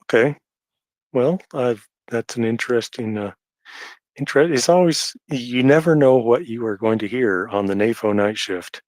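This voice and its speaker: A man talking hesitantly in a casual live audio chat, pausing often with fillers. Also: mid-range voice, darkish tone, no echo. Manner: hesitant, halting, many fillers.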